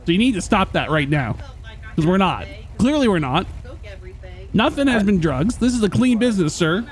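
A man in a casual game roleplay chat, talking in a playfully indignant way. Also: moderate pace. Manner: high-pitched, animated, playfully indignant. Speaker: roleplay player running a coffee shop.

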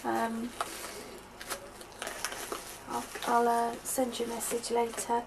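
A middle-aged woman gushing softly as she opens a parcel at home, with lots of delighted exclamations. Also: a little high, monotone, slow pace, creaky, noisy background. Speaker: vlogger opening happy mail. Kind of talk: unboxing chat. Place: at home in a conservatory.

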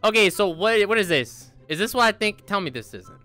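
A man doing goofy, excited commentary while playing a VR game, with loud outbursts. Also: high voice, brisk, over loud music. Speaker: gaming YouTuber.

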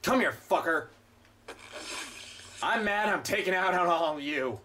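A man's voice: high-pitched, animated, a little slow, bright, forceful tone, a little hiss or hum. A man playing a horror game and commenting as he plays, swearing and ranting at the enemies. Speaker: gameplay streamer. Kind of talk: let's play commentary.

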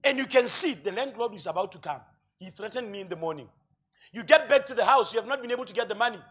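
High-voiced husky preacher, shouting then hushed. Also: male voice, lively intonation, fast. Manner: storytelling preacher, swings from loud shouting to quiet asides. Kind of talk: sermon.

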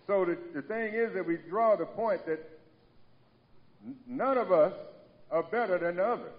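A man's voice: high voice, expressive, normal speed, pauses often, dull audio. A man preaching a sermon to a congregation, emphatic and repetitive, often asking them to answer back. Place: church sanctuary. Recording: long reverb of a large hall.

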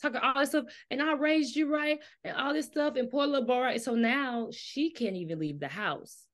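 A woman's voice: on the high side, a little fast. Chatty woman recapping a novel. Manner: lively retelling, then thoughtful reasoning. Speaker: book discussion host. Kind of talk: casual book chat.

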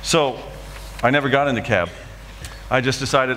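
Man preaching his story dramatically, bright tense voice, big echoing church. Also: mid-range voice, normal speed, slight background noise. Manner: dramatic storytelling, acting out scenes. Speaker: guest preacher. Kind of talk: sermon testimony.

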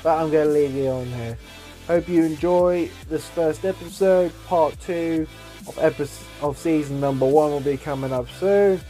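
A young man commentating his own football video game, excitable, swearing and shouting at his players. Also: on the high side, moderate pace, faint music behind. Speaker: gaming YouTuber.

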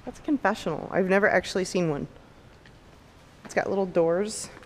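A woman vlogging casually, chatty and excitable, talking in quick bursts as she explores. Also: fairly low pitch, a little hiss or hum. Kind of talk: casual vlog chat. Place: indoors, exploring and in a music store. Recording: music playing loudly behind.

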